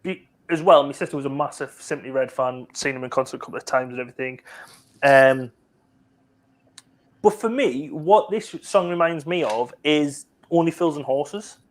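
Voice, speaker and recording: A man's voice: fairly high pitch, moderate pace. A man in his forties hosting a casual live-stream chat, joking and teasing his guests. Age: 40s. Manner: jokey, teasing. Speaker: host.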